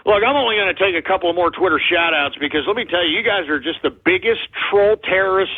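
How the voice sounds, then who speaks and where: A Texan talk radio host rants belligerently, hurling profane insults at his listeners in an abrasive call-in show. His high-pitched voice moves quickly with few pauses and a breathy edge, and the audio is phone-like, lo-fi radio quality.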